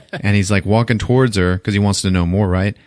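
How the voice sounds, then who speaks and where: A man's voice: lowish voice, moderate pace, darkish tone, no room sound, clean studio sound. A man hosting a podcast, casually recapping a film in loose, profane storytelling and voicing the characters as he goes. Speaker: podcast host.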